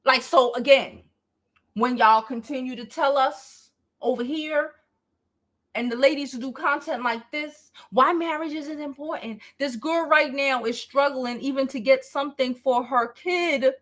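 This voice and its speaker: A woman's voice: high-pitched, a little slow, a bit bright. A woman giving reactive vlog commentary in an emphatic, exasperated, profane rant. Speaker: commentary vlogger.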